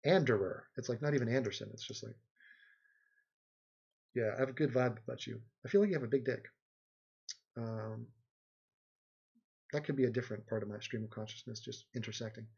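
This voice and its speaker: Male streamer, husky voice, rambling jokey delivery, muffled lo-fi audio. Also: mid-range voice, brisk, pauses often, a little mellow. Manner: rambling, joking, reads viewer comments aloud. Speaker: livestream host. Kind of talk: casual livestream chat.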